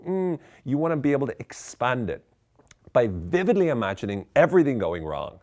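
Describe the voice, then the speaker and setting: A man's voice: mid-range voice, sing-song, fairly quick, darkish tone. A man giving mock-serious, tongue-in-cheek self-help advice in a conversational, ironic way.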